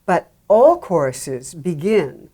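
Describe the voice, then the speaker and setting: A woman guest in an interview, explaining song structure in an animated way and acting out her examples with repeated words. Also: lowish voice, takes it slowly. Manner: animated, acts out examples with repetition. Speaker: songwriting expert guest.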